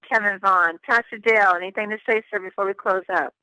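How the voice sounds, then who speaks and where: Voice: mid-range voice, steady tone, a little fast, pushed and bright, clean tone, no echo, poor audio. A pastor hosting a motivational business conference call, gushing and effusive, repeating phrases for emphasis. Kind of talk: hyped-up motivational call host.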